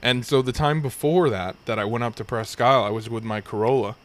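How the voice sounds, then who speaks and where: A young man in a laid-back podcast chat, spinning a rambling anecdote and swearing freely as he goes. His voice sits in an ordinary middle pitch and the delivery stays loose and conversational. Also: quick pace. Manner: rambling, profane anecdote telling. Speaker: podcast host. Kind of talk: casual storytelling chat.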